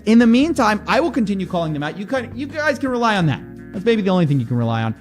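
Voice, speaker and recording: A man's voice: high voice, rapid-fire, soft background music. A man talking straight to camera as an investigative internet commentator, exasperated and a bit mocking. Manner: animated, exasperated, mocking quoted voices. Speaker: investigative YouTuber.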